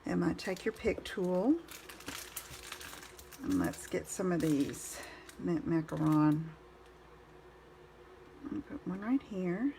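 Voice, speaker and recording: A woman's voice: on the low side, sing-song, slow pace, creaky, pauses often, dark tone, slight background noise. A woman giving a live card-making demonstration, chatty and encouraging, greeting viewers by name.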